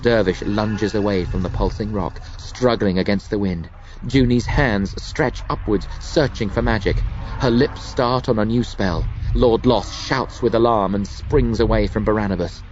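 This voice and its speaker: A man narrating an audiobook with a dramatic, expressive reading. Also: fairly low pitch, normal speed, muffled recording, a little hiss or hum.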